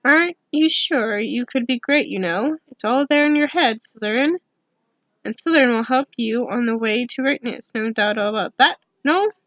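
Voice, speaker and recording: A woman's voice: a little high, lively intonation, normal speed, no echo, highs cut off, natural voice. A woman reading as a musing old magic hat. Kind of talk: ASMR storybook reading.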